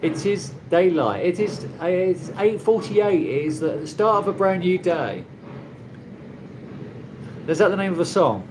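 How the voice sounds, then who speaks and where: A man's voice: high-pitched, expressive, a little slow, long pauses, noisy background. A man from England, hosting a rambling casual live chat with viewers from his condo, laughing often. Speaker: livestream host. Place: condo in the Philippines.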